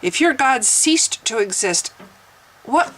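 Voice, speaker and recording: A woman's voice: on the high side, animated, takes it slowly, a bit bright, a little hiss or hum, low-quality recording. A woman talking straight to camera in an opinion vlog, sarcastic and argumentative, often repeating herself as she presses her point. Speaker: vlogger.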